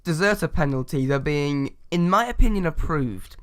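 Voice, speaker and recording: Young male co-host; dry wit, relaxed teasing banter. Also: a little high, moderate pace. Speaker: podcast co-host. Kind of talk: casual podcast chat.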